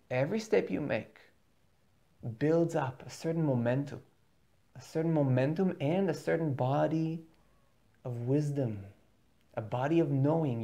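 A man's voice: on the high side, vocal fry, mellow. A man giving an earnest motivational spiritual talk as a teacher, repeating words for emphasis.

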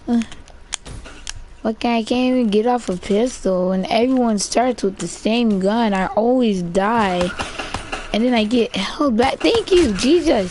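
A woman's voice: on the high side, takes it slowly, a little mellow, a little hiss or hum. A woman gamer giving casual gameplay commentary, frustrated and swearing often, with "bruh" in nearly every sentence.

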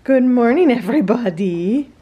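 A woman's voice: a little high, animated, normal speed, lo-fi sound, soft background music. A young woman casually vlogging in her home kitchen, chatty and upbeat, with bad jokes, on a handheld camera.

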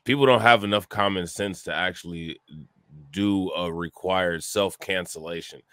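Deep-voiced blunt podcast co-host man. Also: moderate pace, a bit bright, no room sound. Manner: blunt, dismissive commentary. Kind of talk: casual podcast chat.

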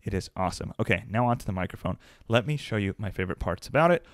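A young man giving an upbeat, conversational product review to camera from his home desk, speaking close into a desk mic on a boom arm. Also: animated, fast talker, no room sound. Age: young adult. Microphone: dynamic desk mic on a boom arm, close.

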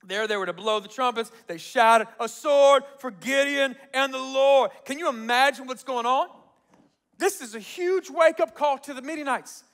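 A man's voice: extremely high pitch, normal speed, gravelly. A man preaching a sermon as pastor, telling stories with acted-out quotes and frequent laughter. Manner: animated storytelling, acts out quotes, laughs often. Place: large church auditorium.

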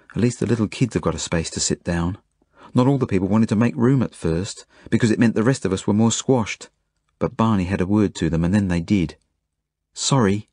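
A man reading his own novel aloud in the first person, earnest and rising to urgent shouts. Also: fairly low pitch, no room sound, studio quality. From Australia. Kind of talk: audiobook narration.

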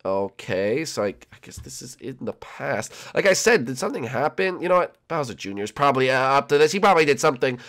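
A young man commenting on a building game, rambling and excitable with many fillers. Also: mid-range voice, quick pace, few pauses. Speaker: gaming channel host. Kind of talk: gameplay commentary with role-play.

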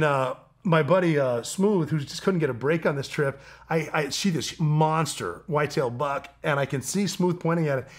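A man as a guest on a casual interview show, spinning a long tale and laughing often. His voice sits a bit high for a man, and he jumps into quoted lines with sudden energy. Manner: animated storyteller, laughs often, mimics people in quotes.

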